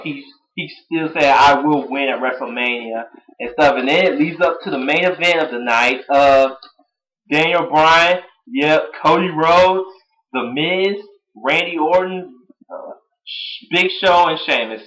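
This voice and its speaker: A man giving a casual recap of a wrestling show as an excitable fan, chatty and full of fillers. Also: a little high, a little slow, rough recording. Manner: excitable, bursts into shouting and laughter, chatty with fillers.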